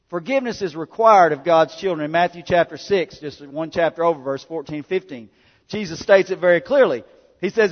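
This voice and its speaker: A male pastor preaching a sermon. He moves from quiet conversational asides to loud, repeated exhortations. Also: sits high, expressive, fairly quick. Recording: dull sound with long hall reverb.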